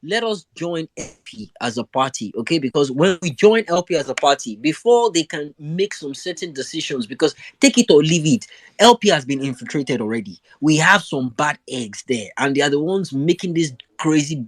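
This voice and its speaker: Nigerian man, host, casual chat, slightly high voice, easygoing. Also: animated, moderate pace, no room sound.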